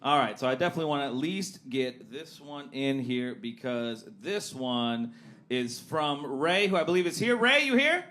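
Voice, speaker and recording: A man co-hosting a podcast live on stage, trading quick banter and running the listener-mail segment. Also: medium pitch. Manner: quick, lively banter with dry asides. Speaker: podcast co-host.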